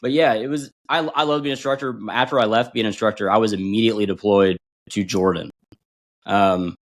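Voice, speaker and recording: A man in his forties, a podcast guest and former bomb disposal instructor, telling stories in a casual, animated way and acting out quotes. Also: fairly quick. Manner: animated, acts out quotes with big pitch jumps and laughs. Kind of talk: casual storytelling.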